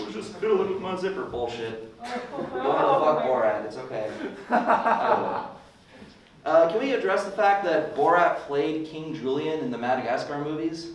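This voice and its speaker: A young man working through a loose, self-deprecating stand-up set in a lively, swooping voice. He sounds a bit high for a man. The mic sits well back in a very echoey room, with a faint hiss underneath. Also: moderate pace, recorded from a distance. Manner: rambling, self-deprecating, puts on ranting voices. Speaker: stand-up comedian. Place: club open mic room.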